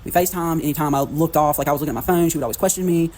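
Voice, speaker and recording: Fast-talking man with hesitant ums. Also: fairly high pitch, darkish tone, poor audio. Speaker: video subject telling his story. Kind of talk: storytime vlog.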